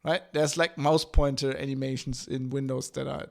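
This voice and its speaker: A man's voice: mid-range voice, flat delivery, normal speed, vocal fry. A man hosting a podcast, ranting casually and sarcastically about tech security, often slipping into mocking voices. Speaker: podcast host.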